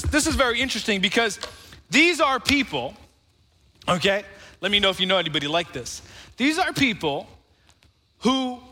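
A man's voice: extremely high pitch, bright, forceful tone, long reverb tail. A man preaching a sermon as pastor, talking conversationally and calling on the congregation to answer back.

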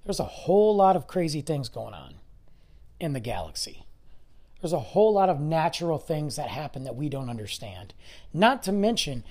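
A podcast host in their forties, slightly hoarse from losing their voice, talking in a rambling, speculative and emphatic monologue. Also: mid-range voice, a little mellow. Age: 40s. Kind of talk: casual monologue.

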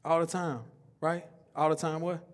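A man preaching a sermon in a casual, conversational way, calling out to the congregation for responses and swinging between loud emphatic lines and soft, low ones. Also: little pitch movement, moderate pace. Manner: call-and-response preaching, rising emphatic then dropping soft; informal, conversational speech.

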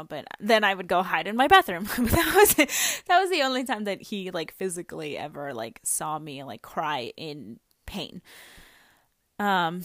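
A woman's voice: medium pitch, a bit bright, no echo, studio quality. A woman hosting a personal podcast, talking candidly in a rambling way with lots of fillers and casual swearing. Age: adult with a daughter. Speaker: podcast host. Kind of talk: personal reflective podcast monologue.

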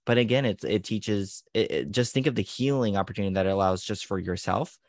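A man's voice: on the low side, lively intonation, fairly quick, no echo, studio quality. A man co-hosting a parenting podcast, explaining at length in a casual way, often restarting words. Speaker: podcast co-host.

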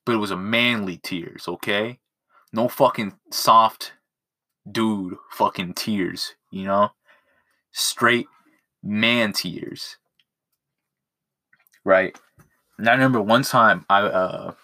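Low-voiced crude young man rambling. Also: slow pace, pauses often, bright, forceful tone. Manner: crude, rambling, self-mocking, swears a lot. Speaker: podcast host. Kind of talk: casual solo podcast monologue. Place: at home in his room. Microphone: phone.

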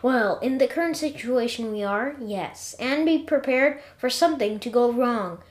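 A woman voicing a calm, matter-of-fact female robot computer who explains and lightly scolds. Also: on the high side, normal speed, lightly acted. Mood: explaining.

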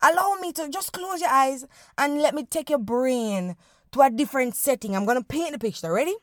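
A young Jamaican woman hosts her own podcast in a lively, playful monologue, slipping into local slang as she paints a picture for her listeners. Her voice sits a little high. The recording is dry and close. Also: a little fast, no echo. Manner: animated, playful, guided-imagery storytelling with Jamaican slang. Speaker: podcast host. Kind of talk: casual solo podcast monologue.

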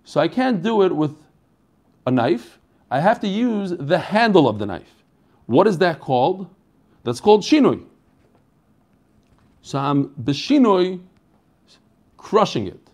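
A man's voice: sits high, sing-song, a little slow, long pauses, darkish tone. A man teaching an online Talmud class in a casual, chatty way, asking questions and answering them himself.

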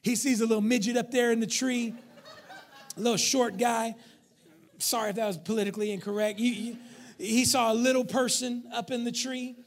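High-voiced male pastor preaching. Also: flat delivery, a little fast. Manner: emphatic, joking with the congregation; swings between shouting and near-whisper. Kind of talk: sermon.

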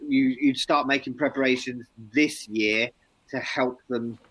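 A man's voice: mid-range voice, fairly even intonation, unhurried, a bit bright, husky, no room sound, rough recording. A man co-hosting a casual chat who teases his partner and explains dog behaviour patiently. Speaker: dog trainer co-host. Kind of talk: casual live-stream chat.

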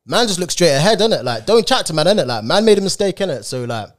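A young man rattles through a story at a quick clip. His talk is slangy and casual, dotted with tag questions as he chats with his co-hosts. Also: high-pitched, big pitch swings. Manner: slangy, repeats "innit" as a tag. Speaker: podcast co-host.

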